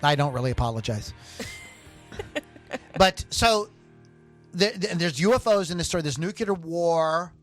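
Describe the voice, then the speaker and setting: A man's voice: fairly high pitch, expressive, measured pace, long pauses, faint music behind. Rambling, stumbling male podcast host. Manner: rambling, stumbles over words. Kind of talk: casual podcast chat.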